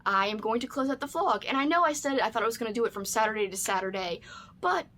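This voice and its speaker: A woman's voice: on the high side, fast talker, a bit bright, a little hiss or hum. A woman book vlogger talking casually about what she is reading, chatty and enthusiastic, with plenty of "like" fillers. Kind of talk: casual reading vlog chat.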